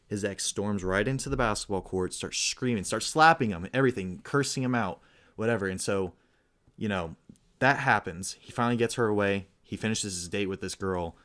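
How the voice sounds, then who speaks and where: A man's voice: on the low side, fairly quick. A young man co-hosting a podcast, telling a long story in casual chat and acting out the quotes. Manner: rambling, animated storyteller who acts out quotes. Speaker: podcast co-host.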